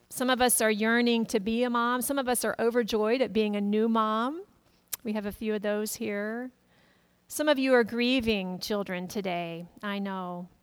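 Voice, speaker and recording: A woman pastor preaching a sermon, gently retelling a family story to her congregation. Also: fairly high pitch, clean tone. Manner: gentle storytelling, quoting family members softly.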